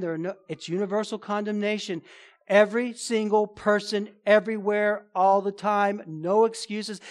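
A pastor giving an expository sermon, emphatic and conversational, repeating phrases for stress. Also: male voice, high-pitched.

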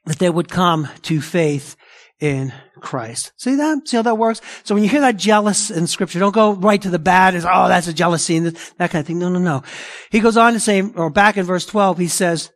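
A man's voice: sits high, normal speed. A man preaching a sermon in an emphatic, conversational way, repeating phrases for stress. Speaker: pastor.

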